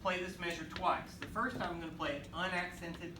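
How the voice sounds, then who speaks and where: A band teacher leads a school class from across a bright, echoing room, counting beats aloud, calling students by name, and urging them on. His fairly high, fairly quick voice carries over steady noise from students and instruments, and the recording sounds distant, roomy, and noisy.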